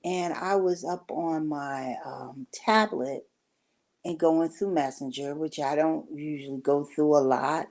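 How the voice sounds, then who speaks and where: An older woman telling a personal story in an unhurried, rambling way, full of asides to the listener. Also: low voice, a little mellow. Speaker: vlogger.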